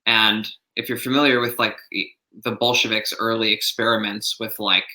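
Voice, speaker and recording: A man's voice: fairly low pitch, steady tone, fast talker, bright, forceful tone. A man co-hosting a casual podcast discussion, thinking aloud with lots of fillers. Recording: roomy echo.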